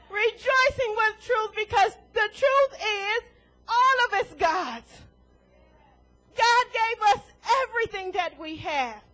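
A woman preaching a sermon in an animated way, laughing often and acting out the voices she quotes. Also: very high-pitched, low-quality recording.

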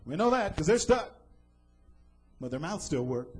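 A man's voice: on the high side, sing-song, normal speed, husky, soft background music, low-quality recording. A man preaching a sermon, retelling a scripture story dramatically and asking the listeners questions.

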